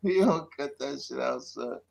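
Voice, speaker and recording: A man co-hosting a show, chatting casually in loose, slangy banter with quick laughs. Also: medium pitch, vocal fry, background noise. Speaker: podcast co-host. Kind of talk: casual chat.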